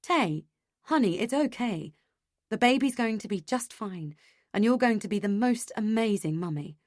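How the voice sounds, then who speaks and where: A woman voicing a patient young husband who soothes his anxious partner in a gentle, steady way. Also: mid-range voice, moderate pace, dry recording, clean studio sound, lightly acted. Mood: soothing.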